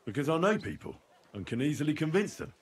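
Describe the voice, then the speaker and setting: A man's voice: fairly high pitch, big pitch swings, quick pace, husky, heavily acted. An actor playing an earnest young man investigating a girl's murder, with dry, persuasive game voice acting. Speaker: video game protagonist.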